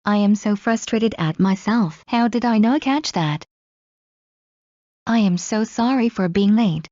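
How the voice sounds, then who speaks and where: A woman reading common English phrases aloud one by one in a clear, measured way, as in a language lesson. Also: medium pitch, a little mellow, no echo. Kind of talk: slow read-aloud phrase drills. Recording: dull lo-fi recording.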